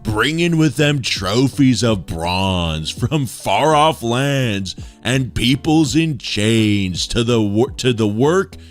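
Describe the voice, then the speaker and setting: A man voicing an ancient male chronicler of a war empire, with a slow, grand delivery in a put-on accent. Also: medium pitch, animated, faint music behind, pitched above the performer's own voice.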